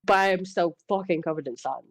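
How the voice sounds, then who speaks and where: A woman co-hosting a casual gaming podcast, an animated storyteller who swears freely and laughs often. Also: fairly low pitch, a little fast. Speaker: podcast co-host. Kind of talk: casual chat.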